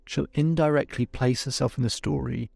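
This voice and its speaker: A man's voice: medium pitch, steady tone, vocal fry, a little mellow, dry recording, soft background music. A man working as a life coach, speaking reflectively to his listeners and his client, often restarting his sentences. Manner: reflective, halting with many restarts. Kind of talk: coaching session with asides to listeners.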